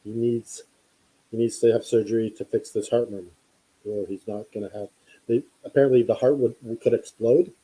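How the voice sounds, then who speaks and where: A man's voice: medium pitch, steady tone, moderate pace, warm tone, breathy edge, poor audio. A man hosting a podcast, telling a long story in a casual, rambling way with many fillers and restarts. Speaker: podcast host.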